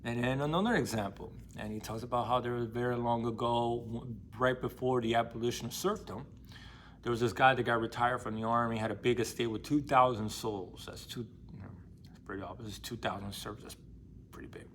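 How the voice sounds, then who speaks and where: A man's voice: medium pitch, fairly even intonation, brisk, a bit bright, slight background noise. A young man casually retelling and discussing a novel, in a slangy, profane, emphatic way. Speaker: book discussion vlogger.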